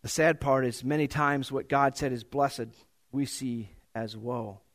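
A man's voice: medium pitch, fairly even intonation, a little slow. A man preaching a sermon to his church in a conversational way, often restarting his sentences and correcting himself.

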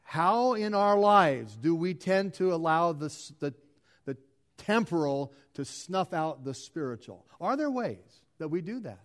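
A man's voice: a little high, animated, a little slow. A middle-aged man preaching a sermon as pastor, building emphasis through repeated phrases.

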